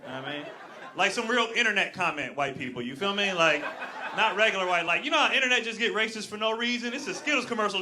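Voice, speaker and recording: A stand-up comedian from Los Angeles, a man telling animated stories on a club stage through a handheld mic. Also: high-pitched, quick pace, noisy background. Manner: animated storytelling with voiced characters. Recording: live audience laughing.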